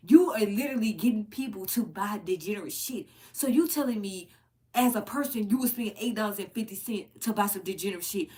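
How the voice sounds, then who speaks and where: A woman with a mid-range voice delivers an unscripted commentary rant straight to her audience. She is blunt and profane and talks freely. Her pitch jumps sharply upward when she gets heated. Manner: blunt, profane, animated, swings high when worked up. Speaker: commentary channel host.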